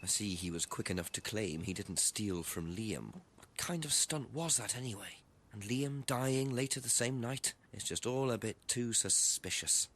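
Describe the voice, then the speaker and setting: An inspector thinking to himself in a detective game. His voice is quiet and reflective, sitting fairly low, with faint noise behind it. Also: lively intonation, normal speed. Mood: suspicious. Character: thoughtful male inspector musing to himself. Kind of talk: game inner-monologue narration.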